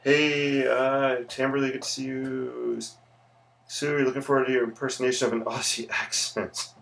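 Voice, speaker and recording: A man's voice: medium pitch, little pitch movement, normal speed, creaky, fairly bright tone, a little hiss or hum. A man, an architect who teaches, chatting casually with viewers on a livestream while he sketches. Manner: chatty, greets viewers, rambling asides.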